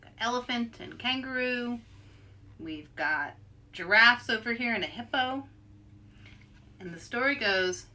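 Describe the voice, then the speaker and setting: A woman author leading an interactive storybook read-aloud for children, playful and animated, inviting listeners to join in. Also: fairly high pitch, a little slow, long pauses.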